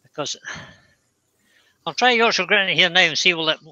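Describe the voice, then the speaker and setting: A man's voice: sits high, moderate pace, bright, forceful tone, dull audio, a little hiss or hum. A Scottish man hosting a live stream while he works, chatting casually, thinking aloud and picking at his own work. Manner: thinks aloud, self-critical and easygoing. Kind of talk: casual chat while working.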